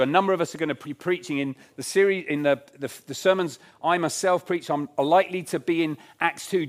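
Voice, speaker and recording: A man preaching a sermon in church, earnest and emphatic, repeating his key lines. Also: on the high side. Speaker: pastor.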